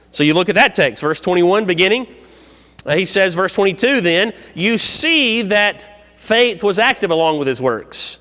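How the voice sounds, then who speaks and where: A man's voice: high-pitched, expressive, normal speed, sharp tone. A man preaching a sermon, reading scripture verses aloud and explaining them phrase by phrase. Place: church sanctuary. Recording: long church hall reverb.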